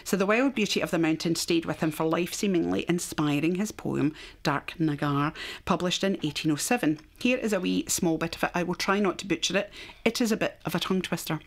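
A woman's voice: lowish voice, fairly quick. Chatty woman podcast host. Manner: chatty, laughs easily, uses wee. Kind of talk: casual chat.

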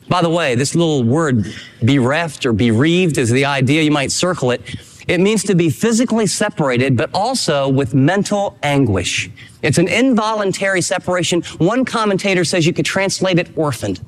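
Male pastor, high voice, earnest preaching, animated acted-out quotes, long hall reverb. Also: moderate pace. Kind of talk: sermon.

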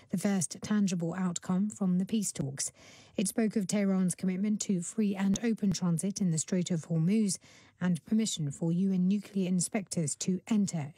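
A woman reading a radio news bulletin in a measured, formal studio delivery. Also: on the low side, warm tone, no echo. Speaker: newsreader. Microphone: studio microphone.

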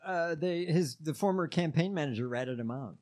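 A man's voice: a little high, animated, normal speed, darkish tone. A man co-hosting a casual chat, hesitantly introducing video clips with many ums and uhs. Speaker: podcast co-host.

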